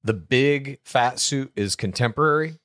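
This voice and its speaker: A man co-hosting a comedy podcast, pitching ideas in a laid-back, deadpan way and swearing casually. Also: unhurried, no room sound, studio quality. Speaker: podcast co-host. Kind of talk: casual comedic brainstorming chat.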